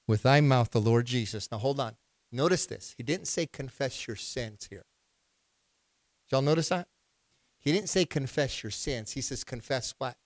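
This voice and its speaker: A male pastor preaching a sermon, asking the congregation questions and building to loud, emphatic bursts. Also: medium pitch, dry recording.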